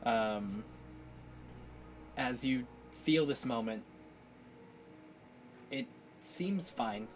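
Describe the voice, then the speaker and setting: A man narrating a tabletop game as game master, halting, with many fillers. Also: medium pitch, sing-song, slight background noise, low-quality recording. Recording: clear music bed behind voice.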